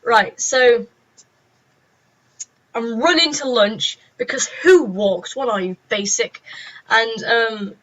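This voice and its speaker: A woman's voice: on the high side, slow, long pauses, fairly bright tone. A teenage girl telling a story in a chatty vlog, acting out the people she quotes. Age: teens. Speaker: vlogger. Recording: dull lo-fi recording.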